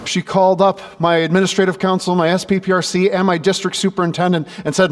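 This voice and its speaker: A male pastor preaching a sermon, telling stories and acting out the dialogue with lively energy. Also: high voice, moderate pace. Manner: animated storyteller who acts out dialogue. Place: church sanctuary. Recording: echoey church with faint background noise.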